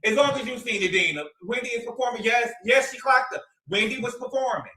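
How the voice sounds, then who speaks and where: A man with a high, bright voice hosts a livestream recap, sassy and dramatic, hammering lines home by repeating them. The sound carries a roomy echo. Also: brisk, a little hiss or hum. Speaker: livestream host. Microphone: streaming mic.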